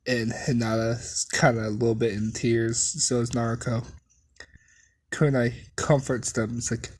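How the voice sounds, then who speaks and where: Slow, husky storyteller clearing throat. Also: medium pitch, level tone, darkish tone. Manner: rambling, filler-heavy retelling. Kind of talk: casual fan story narration.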